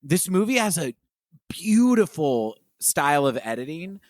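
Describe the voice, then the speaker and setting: A man's voice: on the high side, very animated, measured pace, no room sound, clean studio sound. A man co-hosting a podcast, talking casually and animatedly about a film and laughing as he retells scenes. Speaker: podcast co-host.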